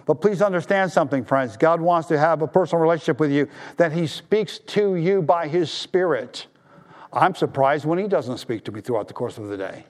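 A man preaching a sermon as pastor, swinging from raised appeals down to hushed, low tones for emphasis.

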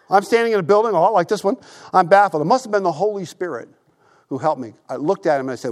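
Guy preaching in church, kinda high voice, talks like he's just chatting, story after story. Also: fast talker. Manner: animated conversational storytelling, repeats phrases. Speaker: pastor. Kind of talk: sermon.

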